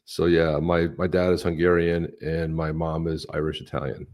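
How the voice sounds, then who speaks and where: A man's voice: very deep voice, little pitch movement, normal speed, a little mellow. A man co-hosting a live stream, chatting casually and upbeat, greeting viewers by name. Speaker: podcast co-host.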